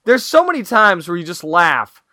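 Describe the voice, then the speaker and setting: A man with a high, bright voice co-hosts a podcast, gushing with enthusiasm in a casual chat. The recording is dry, with no room sound. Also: big pitch swings, moderate pace, dry recording. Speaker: podcast co-host. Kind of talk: casual chat reviewing a TV show.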